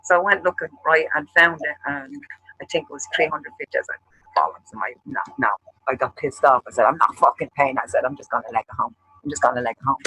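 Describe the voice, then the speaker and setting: A man with an Irish accent, co-hosting a show and telling a long story, animated and full of swearing. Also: mid-range voice, fast, slightly rough, poor audio. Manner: profane, animated storyteller acting out quarrels. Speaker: show co-host. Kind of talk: casual storytelling chat.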